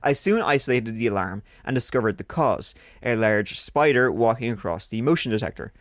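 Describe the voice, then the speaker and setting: A man's voice: medium pitch, animated, fairly quick, no echo, studio quality. A man hosting a podcast, reading listener stories aloud and breaking in with crude jokes. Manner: crude joking asides between read passages. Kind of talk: casual podcast banter while reading aloud.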